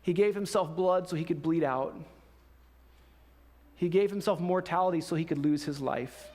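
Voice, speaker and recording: Male pastor, sermon, conversational storyteller, casual slang, slightly high voice. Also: normal speed, a little mellow.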